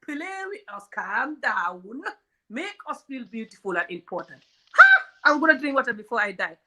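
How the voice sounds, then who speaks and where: A woman's voice: on the high side, big pitch swings, moderate pace, sharp tone. A woman from Africa hosting a comedic relationship talk, blunt and outspoken, often laughing. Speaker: host.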